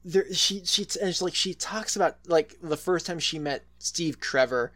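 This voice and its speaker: A man's voice: a little high, moderate pace, a bit bright. Rambling man in casual podcast chat. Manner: rambling, frequent restarts and fillers, swears freely. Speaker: podcast co-host.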